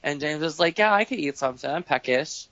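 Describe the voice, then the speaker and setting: A man's voice: on the high side, a little fast, dry recording. Male podcast guest, casual storyteller who swears freely and acts out quotes; muffled dry home mic. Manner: rambling, swearing, animated quoting. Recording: dull lo-fi home recording.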